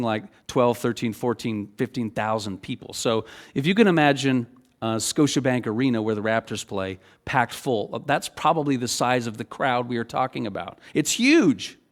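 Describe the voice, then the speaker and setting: Conversational male pastor preaching. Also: mid-range voice. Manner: conversational, animated preaching with frequent "okay?" check-ins. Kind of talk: sermon.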